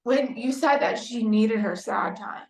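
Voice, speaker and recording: A woman's voice: on the high side, unhurried, a little mellow. A woman speaking as an interview guest about recovery, in a casual, chatty way full of "like" and "you know". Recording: roomy, echoey room.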